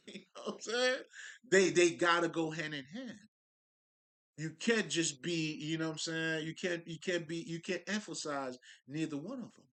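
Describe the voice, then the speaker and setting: Male spiritual talker, bright tone, casual profane street-style musing with restarts. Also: a little high, normal speed. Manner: loose, profane street talk, restarts and laughs. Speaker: spiritual speaker.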